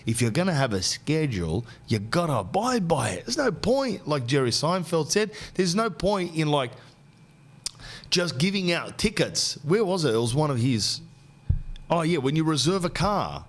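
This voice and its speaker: Bloke in his forties, podcast host, ranting comic anecdotes, lively swooping pitch. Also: moderate pace. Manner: ranting, animated anecdotes with slang. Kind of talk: comic storytelling.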